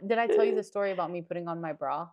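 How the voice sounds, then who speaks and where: A woman co-hosting a podcast in casual chat, chatty, quick to laugh and to answer back. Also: fairly low pitch, darkish tone, lo-fi sound. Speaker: podcast co-host. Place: indoor podcast room.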